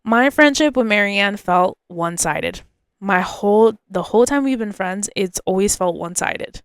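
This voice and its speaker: A woman's voice: mid-range voice, expressive, normal speed, clear, resonant tone, dry recording, clean studio sound. A woman hosting a podcast, telling a personal story in an emotional, confiding way and often repeating herself. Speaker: podcast host.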